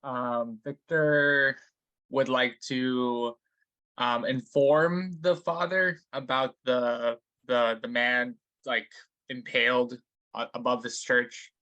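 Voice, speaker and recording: A man playing in a tabletop role-playing game, describing his character's actions haltingly with many fillers. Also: medium pitch, steady tone, sharp tone, dry recording, highs cut off. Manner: hesitant, halting with many ums. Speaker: player.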